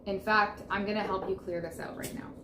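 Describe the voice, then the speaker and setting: A woman's voice: mid-range voice, fairly even intonation, brisk. Soothing woman reading tarot in a roomy space. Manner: soothing, reassuring, repeats affirmations. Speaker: tarot reader. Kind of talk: pick-a-card tarot reading to camera. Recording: roomy echo with faint background noise.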